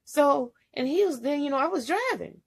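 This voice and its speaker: A woman's voice: high-pitched, expressive, moderate pace, vocal fry. A woman truck driver vlogging casually, retelling a bad experience in a rambling, emotional way full of "you know". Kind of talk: casual storytelling vlog.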